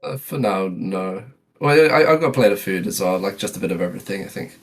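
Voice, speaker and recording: A man playing a tabletop game, speaking in a halting, hesitant way. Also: sits low, lively intonation, gravelly. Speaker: player. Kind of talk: casual tabletop play.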